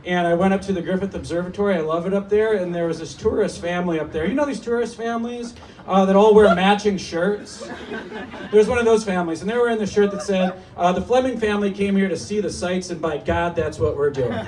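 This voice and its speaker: A man in his thirties performing a stand-up comedy set in a small cafe, telling stories in a mock-serious, animated way, with laughter behind him. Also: sits high, fast talker. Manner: animated, mock-serious storytelling with put-on voices. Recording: distant mic with noisy room. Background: audience laughter.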